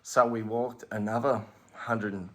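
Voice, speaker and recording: Aussie bloke spinning a yarn on a podcast, puts on voices, swears a lot, piano in the background. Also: male voice, on the low side, a little slow. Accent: Australian. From Australia. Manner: animated storyteller, acts out voices, swears freely. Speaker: podcast co-host. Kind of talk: casual storytelling chat.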